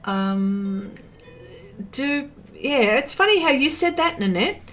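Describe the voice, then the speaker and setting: Slow chatty Australian woman. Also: sits high, lively intonation, fairly bright tone, faint music behind. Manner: chatty, rambling, reads viewer comments aloud with many fillers. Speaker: livestream host. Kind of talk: casual chat while painting, reading comments.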